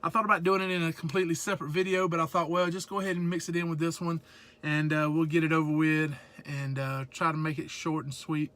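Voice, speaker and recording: A man's voice: on the high side, little pitch movement, fast, fairly bright tone. A man from South Georgia with a Southern accent, chatting casually and joking around in a rambling vlog from his truck. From South Georgia / North Florida, USA. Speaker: truck driver vlogger. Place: truck cab.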